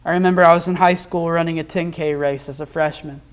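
A man's voice: fairly high pitch, steady tone, fast, smooth. A young man from Nebraska preaching a sermon, earnest and lifting his voice when he reads scripture. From Nebraska, USA. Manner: earnest, rises in emphasis when quoting scripture.

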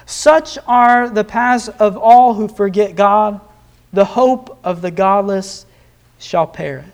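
A man's voice: high-pitched, slow pace, clear, resonant tone. A young man from Nebraska preaching a sermon, earnest and lifting his voice when he reads scripture. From Nebraska, USA. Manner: earnest, rises in emphasis when quoting scripture.

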